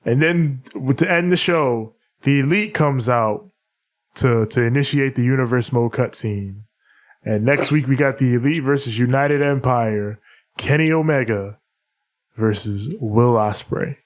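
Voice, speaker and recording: A man's voice: medium pitch, unhurried. A man co-hosting a casual podcast, breaking things down articulately and laughing often. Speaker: podcast co-host. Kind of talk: casual chat, analytical recap.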